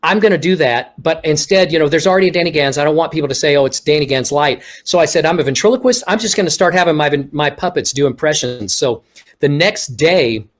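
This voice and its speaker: A man with a somewhat high voice talks over a video call. He tells his stories in an animated way and acts out what people said along the way. He grew up in Texas but has no regional accent. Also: quick pace. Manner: animated storyteller acting out quoted remarks. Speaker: guest, ventriloquist. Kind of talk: casual storytelling interview.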